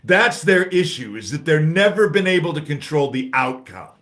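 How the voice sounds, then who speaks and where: A man's voice: fairly high pitch, expressive, moderate pace, fairly bright tone. Angry swearing man ranting on a livestream. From United States. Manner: angry, profane, jumps between topics and reads chat aloud. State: agitated. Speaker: livestream host.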